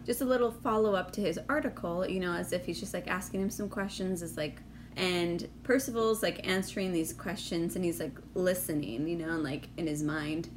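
A woman's voice: fairly low pitch, a little fast, a little hiss or hum. A woman in casual chat, recapping a TV episode and quoting characters, with plenty of "like" and "you know". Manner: chatty, retells scenes with lots of "like". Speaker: podcast co-host recapping a show.

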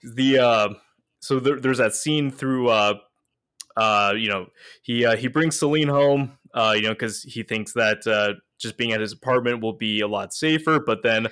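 A man's voice: medium pitch, moderate pace, a bit bright, smooth. A man co-hosting a casual movie review chat, hesitant, often restarting sentences and swearing casually. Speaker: podcast co-host.

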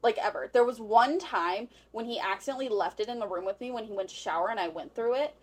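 A young woman with a fairly high voice talks fast as she co-hosts a podcast, telling a story in casual conversation. She's animated and swears a lot, acting out the quotes as she goes.

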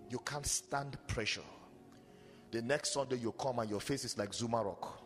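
Animated pastor preaching in a hall. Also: male voice, mid-range voice, normal speed. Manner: animated, storytelling with mocking asides. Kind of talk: sermon. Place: church hall. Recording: long hall reverb with faint music.

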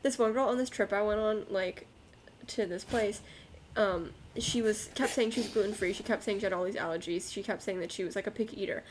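A woman's voice: mid-range voice, a little fast, slight background noise. A woman co-hosting a podcast, chatting casually and telling a rambling story with fillers. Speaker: podcast co-host. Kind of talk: casual chat.

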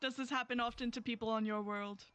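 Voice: medium pitch, fairly even intonation, quick pace, fairly bright tone. A player in a tabletop game who speaks playfully and politely in character. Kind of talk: tabletop role-play.

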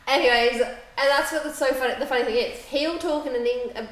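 Sweary, lively young Australian woman. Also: high voice, a little fast, a crowd in the background. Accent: Australian, picking up English turns. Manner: blunt, sweary and animated. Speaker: podcast co-host. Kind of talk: casual chat. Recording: echoey room.

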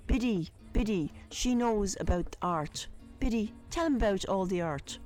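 A woman's voice: mid-range voice, lively intonation, measured pace, darkish tone, faint music behind, pitched above the performer's own voice, lightly acted. A woman voicing her bubbly, chatty sister, who mixes eager broken Spanish with English and repeats words.

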